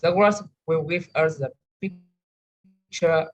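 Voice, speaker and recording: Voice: medium pitch, slow, highs cut off. A young adult student giving a careful class presentation, with frequent restarts. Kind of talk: class presentation on English word stress.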